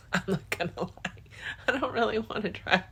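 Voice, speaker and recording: A woman's voice: medium pitch, measured pace, a bit bright, slight background noise. A young woman hosting her own podcast, talking to her partner in a casual, rambling, heartfelt way with lots of "like" and restarts. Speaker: podcast host. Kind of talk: casual spoken diary to a partner.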